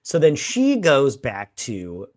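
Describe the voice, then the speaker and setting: A man's voice: medium pitch, huge pitch swings, slow pace, no room sound, studio quality. A man co-hosting a casual movie review, retelling scenes and mimicking characters' lines. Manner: retells scenes, quoting characters in mock voices. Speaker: podcast co-host.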